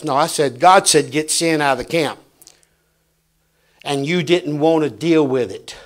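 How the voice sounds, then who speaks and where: Fiery preacher man, high voice. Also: moderate pace. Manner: loud preaching with sudden shouts and quiet asides. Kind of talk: fiery sermon. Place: church sanctuary.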